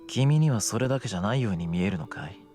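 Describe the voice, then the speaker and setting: A man's voice: on the low side, animated, rapid-fire, warm tone, faint music behind, lightly acted. A man voicing a cold, guarded young man in a visual novel who answers curtly and harshly. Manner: curt and harsh.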